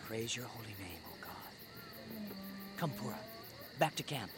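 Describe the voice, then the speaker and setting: Gideon, a devout biblical leader. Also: male voice, medium pitch, big pitch swings, normal speed, noisy background. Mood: hushed earnest. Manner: solemn and earnest in quiet talk, rousing when commanding. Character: brave biblical military leader, commanding yet devout. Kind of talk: animated Bible story voice acting.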